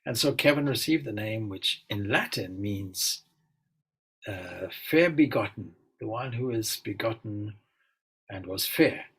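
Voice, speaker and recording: Swami guy giving a laid back spiritual talk, husky voice, lots of little asides. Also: on the low side, unhurried, poor audio. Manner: relaxed, musing, with frequent fillers and asides. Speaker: swami leading a spiritual gathering. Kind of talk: informal spiritual talk and storytelling.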